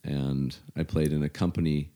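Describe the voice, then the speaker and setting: A middle-aged man from Canada, telling his story in casual, halting conversation, full of "you know" fillers. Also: very deep voice, fairly even intonation, dark tone.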